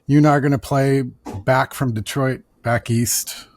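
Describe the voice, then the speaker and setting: A man's voice: medium pitch, steady tone, moderate pace, no echo, studio quality. A man co-hosting a casual podcast over a video call, talking in a loose, rambling way and repeating words. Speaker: podcast co-host and musician.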